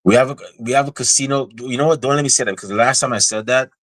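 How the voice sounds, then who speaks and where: A man hosting a podcast, giving casual wrestling predictions in an animated, chatty way with frequent restarts. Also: mid-range voice, very fast, no echo, rough recording. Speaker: podcast host.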